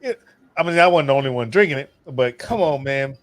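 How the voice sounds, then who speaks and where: A man's voice: medium pitch, expressive, brisk, dry recording. A man hosting a casual livestream chat, telling rowdy stories about drinking and swearing freely. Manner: loose, swearing, storytelling with drinks. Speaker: host of a cooking channel livestream.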